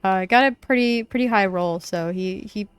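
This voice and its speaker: A woman's voice: medium pitch, moderate pace, clean tone, no room sound. Chatty young woman recapping a tabletop game. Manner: rambling storytelling, many fillers. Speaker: streamer. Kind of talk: casual chat while gaming.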